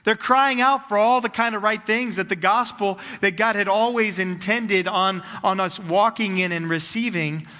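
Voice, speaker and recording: A man's voice: high-pitched, normal speed, hardly any pauses, bright, forceful tone, big-room sound. A man preaching a sermon, telling a story in long, building runs of clauses with fervent delivery. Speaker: pastor.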